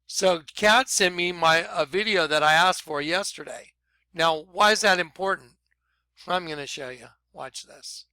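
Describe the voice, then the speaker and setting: A man vlogging excited commentary over videos he plays, talking emphatically and apologizing for rushing ahead. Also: sits high, clean tone, dry recording. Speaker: video blogger.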